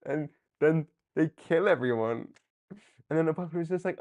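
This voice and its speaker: Animated man reviewing comics live. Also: mid-range voice, lo-fi sound. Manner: animated, laughing, acts out characters in quick asides. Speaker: comic book livestream host. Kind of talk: casual live commentary.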